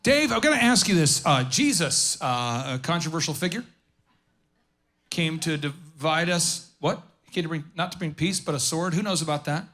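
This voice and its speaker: A man speaking on stage at a business conference, riffing with jokes and quick questions to the audience. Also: on the high side, animated, fairly bright tone. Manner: fast, jokey, riffing asides and audience questions. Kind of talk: energetic live seminar talk.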